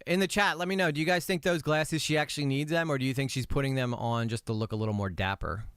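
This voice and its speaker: A man's voice: medium pitch, fast talker, a bit bright, clean tone, no echo, studio quality. A man hosting a live stream, mocking a video he is reacting to in a rambling, sarcastic way.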